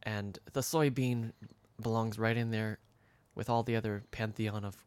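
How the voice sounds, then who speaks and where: A man, a farmer guest on a podcast, explaining eagerly with some halting restarts. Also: on the low side, steady tone, a little mellow, clean tone, no echo. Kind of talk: casual podcast chat.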